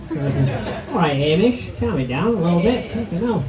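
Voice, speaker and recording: A man's voice: on the high side, wildly swooping pitch, moderate pace, muffled recording. A man hosting a live comedy night, loose and bantering with the crowd between acts. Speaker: comedy show MC. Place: comedy club. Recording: echoey club with audience.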